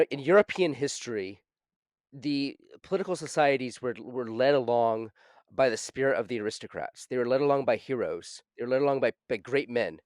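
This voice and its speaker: A man hosting a casual podcast discussion, thoughtful and halting, with many fillers. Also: mid-range voice, a little mellow, no room sound, clean studio sound.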